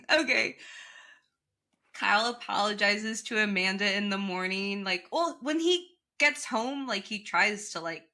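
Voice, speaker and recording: A woman's voice: mid-range voice, measured pace. A woman co-hosting a podcast, chatting casually and animatedly about a reality show, swearing freely. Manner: animated, quotes people in put-on voices, swears freely. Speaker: podcast co-host.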